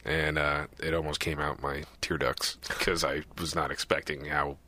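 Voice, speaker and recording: Young guy on a podcast, real low voice, joking and laughing a lot. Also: flat delivery, moderate pace, a crowd in the background. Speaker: podcast co-host. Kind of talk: casual banter among friends.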